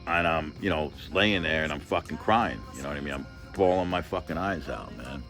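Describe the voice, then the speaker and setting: Deep-voiced man telling a raw story. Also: fairly quick, fairly bright tone, faint music behind. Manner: profane, rambling, emotional, full of fillers. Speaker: vlogger telling a personal story. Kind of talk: casual storytelling monologue.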